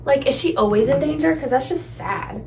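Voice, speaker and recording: A young woman chatting excitedly and casually in a reading vlog. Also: high-pitched, normal speed, slight background noise. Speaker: book vlogger. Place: indoors at home.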